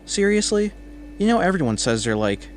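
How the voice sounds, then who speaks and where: A man's voice: high voice, very animated, moderate pace, slight background noise, pitched above the performer's own voice. A man voicing a teasing, chatty male coworker with an Austrian accent. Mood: coaxing.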